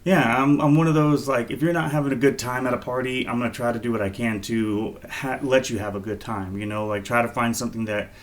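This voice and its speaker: A man co-hosting a podcast, telling stories in a relaxed, rambling way with lots of fillers. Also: mid-range voice, fast talker, few pauses. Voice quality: laid-back, rambling with many fillers. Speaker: podcast co-host. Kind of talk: casual storytelling chat.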